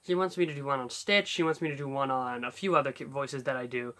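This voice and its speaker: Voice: medium pitch, steady tone, fast, fairly bright tone. A YouTuber casually explaining how to do cartoon voice impressions, rambling and full of fillers as they think aloud. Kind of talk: casual tutorial talk.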